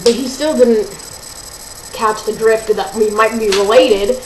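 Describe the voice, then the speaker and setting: A woman's voice: on the high side, unhurried. Exasperated teen girl ranting in an echoey room. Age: teens. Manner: chatty and exasperated, full of "like" and "um". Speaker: vlogger. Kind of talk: ranting storytime vlog. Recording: roomy echo, faint hiss.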